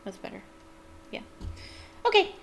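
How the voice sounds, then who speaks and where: A woman's voice: unhurried, fairly bright tone. A woman streamer giving chatty, enthusiastic commentary while playing a game, with rambling asides. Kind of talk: casual gameplay commentary.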